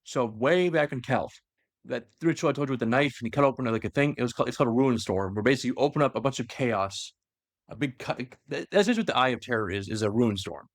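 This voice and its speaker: A man's voice: mid-range voice, lively intonation, fast talker, no echo. Rambling man explaining lore, dry sound. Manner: loose, rambling retelling with many fillers. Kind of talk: casual lore chat.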